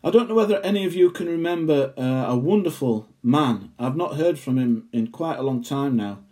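A man preaching a sermon, earnest and emphatic, slowing down to stress key phrases. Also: mid-range voice, animated, warm tone.

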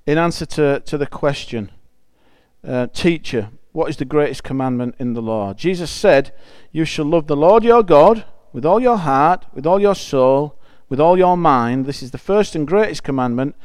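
A man's voice: a little high, normal speed, a little mellow, smooth, dry recording. A man preaching a conversational sermon. He reads scripture aloud and explains it in a chatty, emphatic way, often restarting phrases.

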